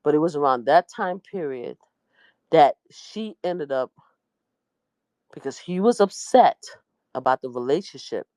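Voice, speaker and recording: A middle-aged woman, a media personality, casually breaking down a trial story in a slangy, animated way and jumping into high voices for the quotes. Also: measured pace, long pauses, no room sound.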